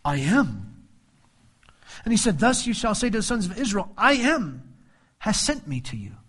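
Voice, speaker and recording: A man with a fairly high voice delivers an animated sermon. He walks through a Bible passage verse by verse and drops into playful voices for the people he quotes. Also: fairly quick, breathy edge. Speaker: pastor.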